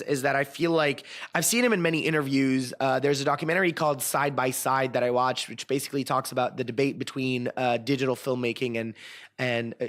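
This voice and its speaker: A man's voice: medium pitch, a bit bright. A man hosting a casual chat, giving strong opinions with frequent ums and restarts. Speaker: host.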